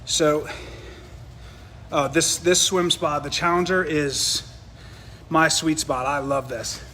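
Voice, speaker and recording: A man's voice: a little high, fairly even intonation, takes it slowly, pushed and bright, slight background noise. A man, still out of breath, chatting casually and reading viewer questions aloud. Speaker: co-host. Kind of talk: casual live demo chat.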